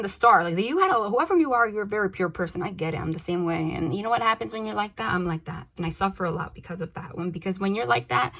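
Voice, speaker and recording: A young woman reads tarot cards in a loose, chatty way, swearing casually and breaking into excited exclamations as the reading builds. Her voice sits at an ordinary middle pitch for a woman. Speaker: tarot reader.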